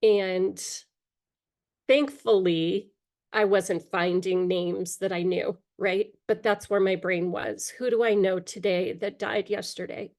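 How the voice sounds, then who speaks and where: A middle-aged woman speaking as an interview guest, recounting her own life in a candid, halting way. Her voice sits at an ordinary middle pitch, broken by pauses and small fillers. Now and then she clears her throat, bothered by allergies. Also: fairly even intonation, a little mellow. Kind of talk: personal storytelling in an interview.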